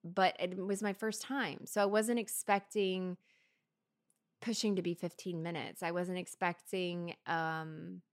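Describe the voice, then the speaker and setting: A woman in her thirties co-hosting a podcast, telling a story in casual chat, chatty and quick to laugh. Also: lowish voice, level tone. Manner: chatty, laughs often, many fillers. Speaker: podcast co-host.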